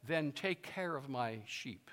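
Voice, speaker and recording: A male pastor voicing a gentle teacher who asks and instructs slowly, with a long reverb from a large hall. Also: mid-range voice, lively intonation.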